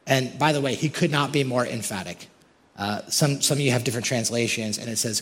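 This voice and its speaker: A male pastor preaches with lively, animated delivery. He talks straight to his congregation with frequent questions and lifts his voice sharply on quoted verses. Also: medium pitch, a little fast, in a large hall. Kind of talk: sermon.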